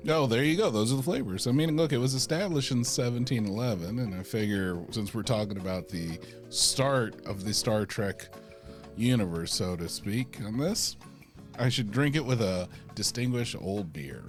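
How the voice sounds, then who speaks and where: A man's voice: fairly low pitch, lively intonation, moderate pace, faint music behind. Dry-humored male podcast co-host. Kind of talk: casual chat.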